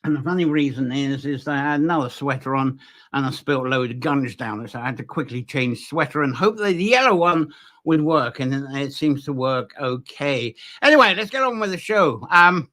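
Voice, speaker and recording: A man's voice: mid-range voice, fairly quick, a bit bright. A man hosting a live nature folklore stream from Ireland, talking loosely with many fillers and restarts. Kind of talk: live-streamed solo talk.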